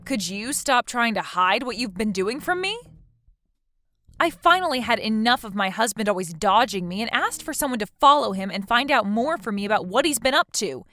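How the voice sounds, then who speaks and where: Woman as indignant betrayed wife; bright, animated accusing voice. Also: fairly high pitch, normal speed, no echo, soft background music. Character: betrayed wife confronting her cheating friend. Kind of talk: text message story dialogue.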